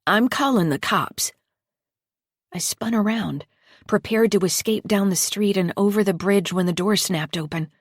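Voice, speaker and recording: A woman narrating a first-person psychological thriller audiobook in a measured, deliberate reading. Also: medium pitch, steady tone, darkish tone, no echo, clean studio sound. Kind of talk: scripted narration.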